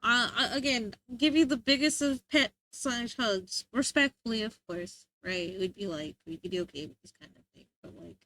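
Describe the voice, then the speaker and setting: A young woman streaming live, chatting casually with viewers, giggly, excitable and rambling. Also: on the high side, normal speed, slight background noise.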